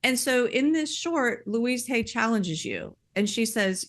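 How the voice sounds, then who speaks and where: A woman speaking in earnest, conversational podcast talk, heartfelt and animated, often filling with "like" and "you know.". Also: a little high, slow, few pauses. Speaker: podcast speaker sharing personal experience.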